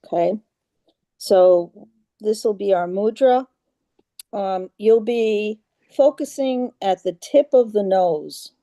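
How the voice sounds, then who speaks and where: A woman leading a group meditation over a video call, patient and halting, with many fillers, chanting mantras in a steady monotone. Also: medium pitch, dry recording. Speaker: yoga class leader.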